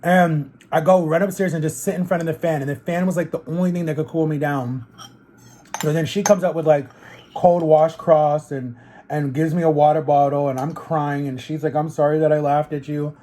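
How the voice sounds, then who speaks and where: A man tells a story on camera while eating, pausing between bites. His voice sits a little high for a man, and the telling is animated and loose, full of "like" and "literally." It is relaxed vlog chat, not a polished performance. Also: a little hiss or hum. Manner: animated, rambling, fillers of like and literally. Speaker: vlogger. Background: eating on camera between sentences.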